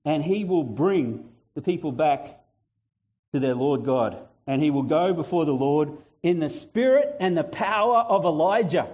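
Man preaching, animated, acts out voices; higher, mellow tone. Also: a little slow. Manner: animated, acts out biblical voices, chatty asides; fluent, breaks into a shout. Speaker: pastor. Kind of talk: sermon.

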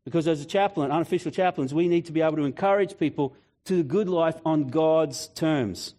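A man's voice: on the high side, brisk, warm tone. A man preaching a conversational sermon, telling personal stories and speaking directly to the congregation.

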